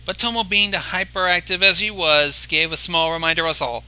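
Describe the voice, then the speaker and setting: A man reading his own fan story aloud on a livestream, animated, with stumbles and restarts. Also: high voice, fairly quick, few pauses, clean tone, low-quality recording. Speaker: fan fiction reader and stream host.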